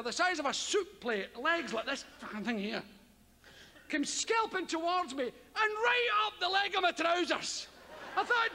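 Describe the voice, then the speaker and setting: A Scottish man performing stand-up comedy in a boisterous manner, swearing, shouting his punchlines and acting out voices. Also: very high voice, lively intonation, normal speed, big-room sound. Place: live comedy stage.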